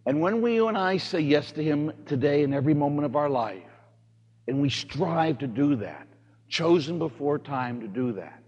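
Animated priest preaching in a reverberant hall. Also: male voice, a little high, normal speed, slightly rough, muffled recording. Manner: animated storytelling, swings from hushed to shouting. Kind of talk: homily.

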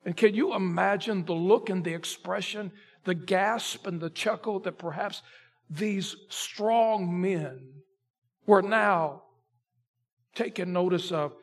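Male pastor, sermon, very high-pitched voice, slow, dramatic storytelling, loud-to-hushed swings. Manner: dramatic storytelling, swings between loud emphasis and near hush.

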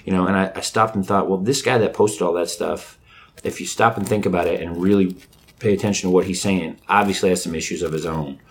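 A man in casual chat, an animated storyteller who laughs often. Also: sits low, fairly quick. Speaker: comedian.

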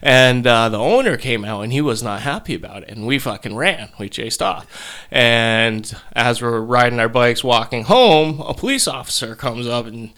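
Male, 30s, profane animated storyteller, bright and crisp. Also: medium pitch, moderate pace. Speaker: podcast guest. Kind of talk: casual storytelling.

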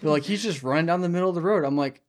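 A man's voice: a little high, rapid-fire. A young man chatting casually on a podcast, rambling and filling his talk with "like". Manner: rambling, heavy use of "like". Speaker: podcast co-host. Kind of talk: casual chat.

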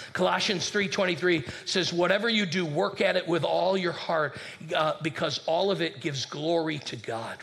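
Senior pastor, male, slightly high gravelly voice, lively preaching that calls on the congregation. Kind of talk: sermon. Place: church sanctuary with congregation.

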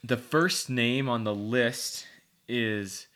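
A man's voice: on the low side, normal speed, fairly bright tone. A man hosting a casual interview, asking a guest how to pronounce a list of names. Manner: curious, checks each name. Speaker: host.

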